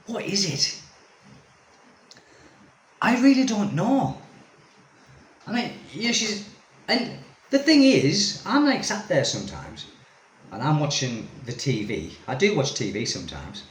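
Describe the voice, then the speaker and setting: A man's voice: a little high, a little hiss or hum. A man vlogging as an expat, ranting casually to camera in a rambling, exasperated way full of tag questions. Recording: echoey room.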